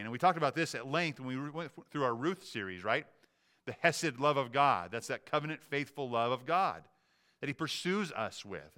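A man's voice: a little high, bright, forceful tone, smooth. A middle-aged man, a pastor, preaching a sermon in an earnest, emphatic way and often restarting his phrases.

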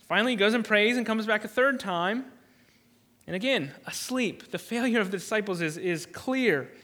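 A man's voice: high-pitched, a bit bright. A man preaching a sermon as a pastor, earnest and emphatic, often restarting his words.

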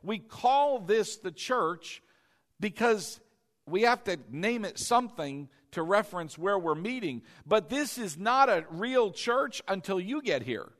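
A man with a fairly high voice preaches to his congregation from a church sanctuary. He delivers an emphatic sermon, repeating key lines and tossing questions to the crowd. A long reverb rings through the hall around him. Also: lively intonation, measured pace, a bit bright. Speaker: pastor.

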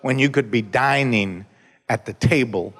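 A pastor preaching a sermon, leading the congregation in call-and-response and breaking into shouts. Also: male voice, medium pitch, measured pace. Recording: reverberant church hall.

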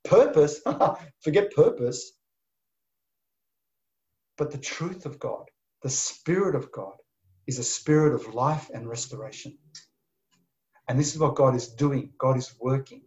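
A man preaching a sermon, swinging from emphatic bursts to soft, near-whispered lines. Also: mid-range voice, unhurried, long pauses. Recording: dull lo-fi sound.

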